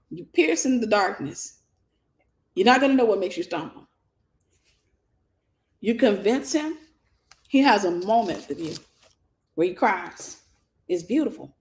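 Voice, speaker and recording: A woman minister giving an animated teaching sermon, acting out scenes and speaking straight to her listeners. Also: medium pitch, unhurried, long pauses. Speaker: minister and mentor.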